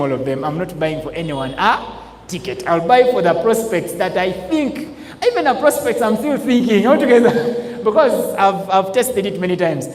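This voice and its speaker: Animated man in an echoey hall. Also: high voice, a little hiss or hum. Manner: animated, acts out laughter and quoted voices. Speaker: sales trainer. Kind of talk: live training talk. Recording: echoey hall with faint ambience.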